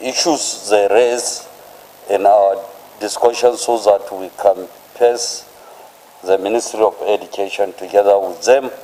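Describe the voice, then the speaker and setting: A man, a senator, giving deliberate remarks to the press. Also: on the low side, warm tone, rough recording. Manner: slow, deliberate speech.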